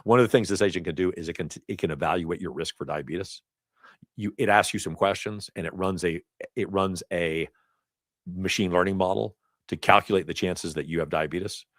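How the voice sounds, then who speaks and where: A man teaching a live training class, talking casually with asides and quick self-corrections. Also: deep voice, a bit bright, no room sound, clean studio sound. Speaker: instructor. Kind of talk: live certification lecture. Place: training event room.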